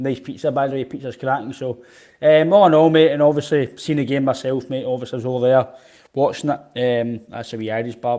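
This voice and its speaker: A man's voice: mid-range voice, a little mellow. Easygoing Scottish man, rambling chat. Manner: easygoing, rambling, says mate constantly. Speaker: podcast co-host. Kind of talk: casual football podcast chat.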